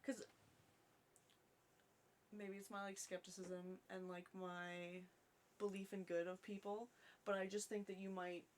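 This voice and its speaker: A woman's voice: medium pitch, unhurried, long pauses, a little hiss or hum. A young woman co-hosting a casual podcast, telling stories animatedly with lots of swearing and filler words. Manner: swears a lot, animated storytelling with many "like"s. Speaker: podcast co-host. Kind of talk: casual chat.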